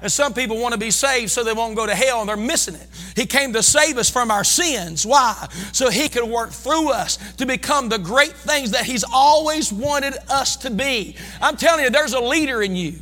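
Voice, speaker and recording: Fervent, bright-voiced preacher in a reverberant church. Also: male voice, very high-pitched, expressive, normal speed, few pauses, faint music behind. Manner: fervent call-and-response preaching, bursts into shouts. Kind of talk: sermon. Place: church sanctuary.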